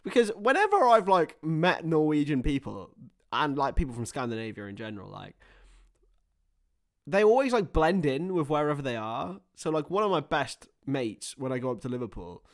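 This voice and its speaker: A young man hosting a live match watchalong, chatting casually and rambling between topics, with excited bursts of play-by-play. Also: on the high side, normal speed. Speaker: livestream host.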